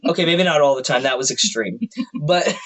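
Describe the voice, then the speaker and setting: A man's voice: brisk, fairly bright tone, poor audio. A man co-hosting a podcast from a room at home, rambling and joking with frequent laughs in casual chat. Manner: rambling, jokey, laughs often, drops into a deep voice for stories. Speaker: podcast co-host.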